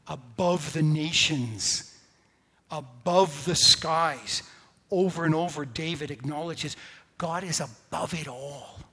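A man pastor preaching a sermon, swinging from hushed, whispered lines to loud, emphatic ones. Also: on the high side. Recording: reverberant hall.

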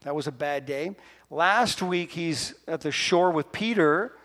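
Animated preacher in a reverberant church. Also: male voice, a little high, measured pace. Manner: animated, playful, conversational preaching. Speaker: pastor. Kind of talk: lively sermon. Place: church sanctuary. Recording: long reverb of a church hall.

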